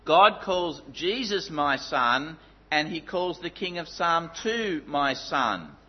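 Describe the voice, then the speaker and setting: A man preaching a sermon, emphatic, dropping to low, intense tones for stress. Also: muffled recording.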